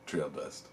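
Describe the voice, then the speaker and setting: A man hosting a casual livestream, relaxed and rambling, chuckling often as he reads the chat. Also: a little hiss or hum. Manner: relaxed, rambling, lots of ums. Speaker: livestream host.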